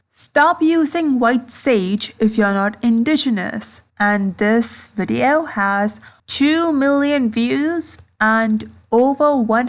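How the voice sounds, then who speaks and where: Chatty, rambling young woman vlogger. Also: on the high side. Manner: rambling, self-conscious, laughs often. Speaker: YouTuber. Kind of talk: casual vlog commentary.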